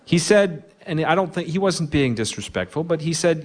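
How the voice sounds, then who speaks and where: A man's voice: a little high, expressive, normal speed. A man with a Minnesota accent hosting a live radio show from a barn, telling dry, wry humorous stories full of small asides and fillers.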